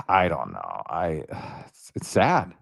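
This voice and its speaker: A man with a fairly low voice chats casually to viewers of his livestream, rambling and slangy. His pitch swings widely, leaping up when excited. The sound is dry and close. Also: extremely slow, gravelly, no echo. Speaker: YouTube livestream host.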